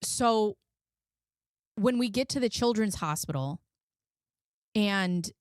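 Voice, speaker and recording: A woman's voice: mid-range voice, expressive, slow pace, no room sound, clean studio sound. Blunt swearing woman in her forties. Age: 40s. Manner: blunt, frequent swearing, emotional. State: close to tears. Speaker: commentary channel host. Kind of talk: casual commentary and personal storytelling.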